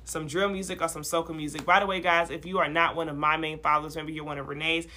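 A young woman hosting a casual podcast, talking in a lively, slangy way and laughing often. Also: low-pitched, fast. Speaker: podcast host. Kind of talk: casual podcast chat with freestyle rapping.

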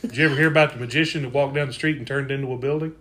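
A man's voice: mid-range voice, fairly even intonation, very fast, a bit bright. A man telling old jokes in casual chat, folksy and chuckling as he goes.

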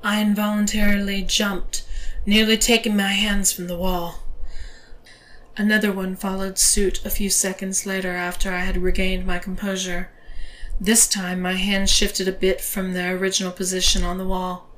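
A woman narrating an erotic audio story in a slow, hushed voice, sometimes dropping to a whisper. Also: medium pitch, completely flat delivery, slight background noise, poor audio.

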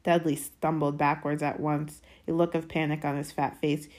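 Low-voiced woman reading a story aloud. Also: completely flat delivery, normal speed, few pauses, a little mellow. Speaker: audiobook reader. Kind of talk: reading a novel chapter aloud.

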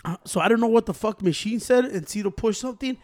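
Laughing high-voiced bilingual storyteller man. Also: quick pace. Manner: laughing, animated, swears a lot, mixes Spanish and English. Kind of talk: casual storytelling chat.

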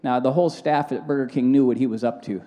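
A man preaching as a pastor, moving between fervent prayer and lively storytelling in a church. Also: mid-range voice, fast talker, in a large hall, muffled recording. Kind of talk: sermon with prayer.

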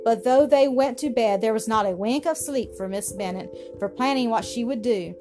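A woman reading a story aloud in a steady, expressive way. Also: fairly high pitch, normal speed. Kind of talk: storybook narration. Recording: music playing behind.

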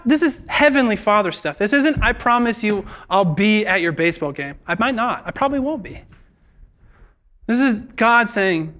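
A young man giving a sermon in a church, earnest and halting, with many filler words and restarts. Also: high-pitched, lively intonation, bright, forceful tone. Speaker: preacher.

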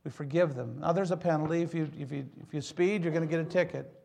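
A man's voice: on the high side, fast, gravelly, darkish tone. A middle-aged man preaching a sermon, a joking, folksy storyteller who talks straight to his congregation. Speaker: pastor.

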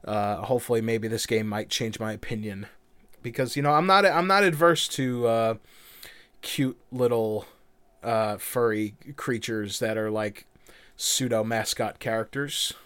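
A man's voice: medium pitch, a little slow, fairly bright tone, smooth, no room sound. Rambling, laughing male podcast co-host. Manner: rambling, laughs often, swears casually. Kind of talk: casual chat.

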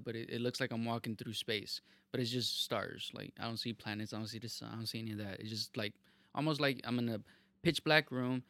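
A young man co-hosting a casual podcast chat, rambling through stories in a profane way with halting restarts. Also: mid-range voice, sharp tone, no room sound. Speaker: podcast co-host.

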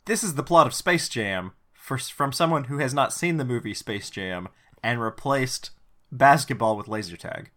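A man's voice: medium pitch, expressive, moderate pace, fairly bright tone. A man co-hosting a podcast, recapping a TV episode in casual chat with wry, sardonic asides and free swearing. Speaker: podcast co-host.

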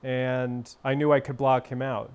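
A man's voice: mid-range voice, flat delivery, unhurried, clean tone. A young man co-hosting a podcast, telling a rambling story in casual chat with lots of "uh" and "you know". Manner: rambling storyteller, many fillers and restarts. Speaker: podcast co-host.

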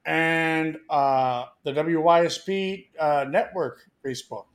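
A man's voice: on the high side, takes it slowly. A man from Philadelphia co-hosting a podcast, signing off in crude, joking casual chat full of swearing. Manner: swearing, joking, loose sign-off. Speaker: podcast co-host.

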